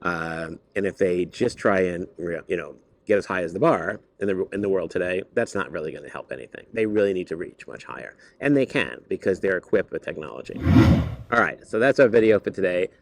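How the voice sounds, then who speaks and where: Lower-voiced man, earnest rambling teacher. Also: fairly quick, no room sound. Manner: rambling and earnest, many fillers and restarts; turns lively and higher when driving a point home. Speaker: high school teacher and club advisor. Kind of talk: casual vlog talk to camera.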